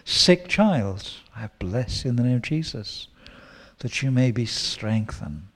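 A man preaching a sermon, teaching with lively quoted prayers and asides. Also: mid-range voice, slow. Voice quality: gravelly.

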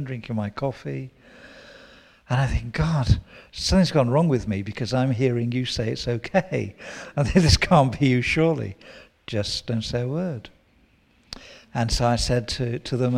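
A man preaching a sermon, teaching with lively quoted prayers and asides. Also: medium pitch. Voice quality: gravelly.

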